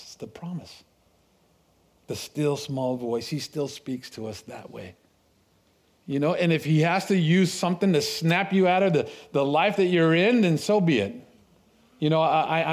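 A middle-aged man preaching a sermon, telling stories with laughs and restarts, animated. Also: fairly high pitch. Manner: storytelling, animated, with laughs and repeated words.

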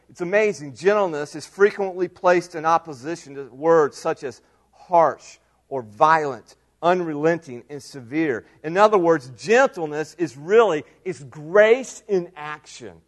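Earnest preacher with a higher voice. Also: male voice. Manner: earnest, repeats key phrases for emphasis; swings between loud emphasis and quiet asides. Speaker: pastor. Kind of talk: sermon.

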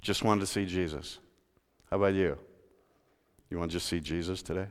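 A man pastor preaching a sermon in a church, telling the story with lively rhetorical questions. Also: low voice, moderate pace, in a large hall.

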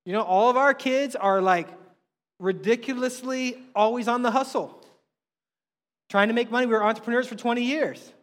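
A middle-aged man preaches with a fairly high voice, talking to the congregation in a casual, animated style that swells on key words. His sermon rings with long reverb from a large church hall. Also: normal speed. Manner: animated, conversational preaching with emphatic rises. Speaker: pastor.

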